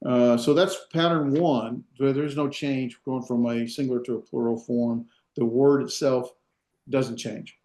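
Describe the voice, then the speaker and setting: A man's voice: medium pitch, fairly even intonation, darkish tone. Man lecturing in an echoey classroom. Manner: halting, many fillers and restarts, dry asides. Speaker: Hebrew teacher.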